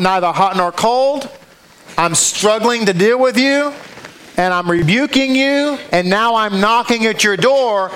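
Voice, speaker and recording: A man's voice: high-pitched, fairly bright tone, a little hiss or hum, poor audio. A male preacher delivering a sermon to a congregation, reading scripture aloud and driving points home with emphatic rhetorical questions. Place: congregation with a control booth.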